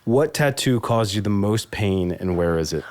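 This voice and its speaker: A man in his thirties co-hosting, speaking in relaxed, plain casual chat and asking short questions. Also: fairly low pitch, normal speed.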